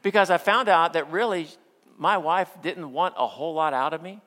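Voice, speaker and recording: A middle-aged male pastor preaching a sermon, telling stories with playful humor and acting out quotes, then slowing down for earnest points. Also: on the high side, fairly bright tone. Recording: long hall reverb.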